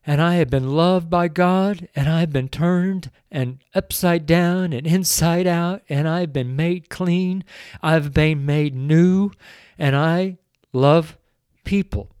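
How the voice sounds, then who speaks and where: Slow, tearful older preacher man. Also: a little high, a little mellow, clean tone, no room sound, studio quality. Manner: slow, earnest, pleading, with drawn-out emphasis. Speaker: street preacher. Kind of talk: emotional radio sermon.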